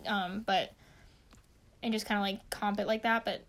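A young woman with a medium-pitched, steady voice tells a work story in casual chat at normal speed. She rambles and says "like" constantly.

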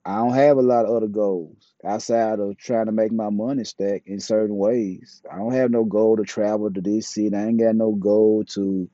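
A man's voice: fairly low pitch, steady tone, moderate pace, hardly any pauses, warm tone, no echo. A man talking bluntly and profanely in a casual, opinionated monologue. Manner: blunt, profane, preachy street talk. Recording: dull, dry, lo-fi mic.

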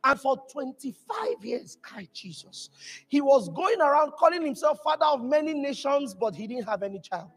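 A male pastor preaches with a high, very lively voice that swings up and down. His delivery is emphatic and animated, climbing to shouted peaks. He was recorded live in a church hall with long reverb and faint music behind him. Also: moderate pace. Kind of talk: sermon.

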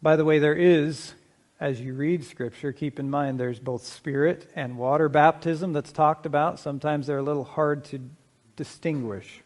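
A middle-aged man preaches a sermon in a fairly high-pitched, steady voice. As pastor, he stays measured and conversational, asking the congregation questions and slowing to stress key points.

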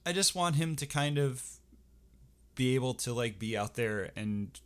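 A man's voice: medium pitch, expressive, a little slow, clean tone. A man in casual podcast conversation, talking with many restarts and a dry, self-deprecating humor. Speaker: furry performer guest.

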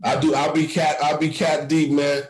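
A man co-hosting a casual online hip-hop chat, telling stories in an animated way and laughing often. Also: a little high, normal speed, faint music behind. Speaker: podcast co-host.

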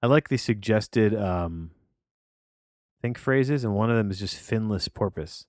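A man's voice: on the low side, unhurried, a little mellow, no room sound, studio quality. A man hosting a podcast, rambling through a casual film review with many restarts and fillers. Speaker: podcast host reviewing films.

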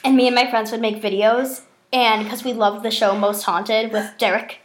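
Brief: young woman host, lively profane storyteller, slightly high voice. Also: moderate pace, background noise. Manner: animated, swears freely, acts out quotes. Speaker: podcast host. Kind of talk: casual storytelling chat.

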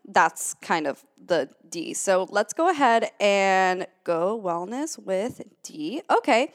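A young adult woman hosting her own podcast in a casual, chatty way, with playful jokes and bursts of excitement. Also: medium pitch, slow pace, few pauses. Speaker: podcast host. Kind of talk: casual solo podcast intro.

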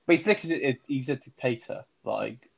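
Lively-voiced man joking in a chat. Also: medium pitch, a little fast, gravelly, husky. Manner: short interjections, joking. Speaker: podcast guest. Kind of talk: casual chat.

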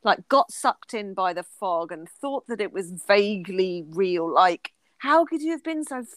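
A woman's voice: mid-range voice, animated, measured pace, fairly bright tone, no room sound. A middle-aged woman co-hosting a podcast, talking candidly in casual chat and swearing freely. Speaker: podcast co-host.

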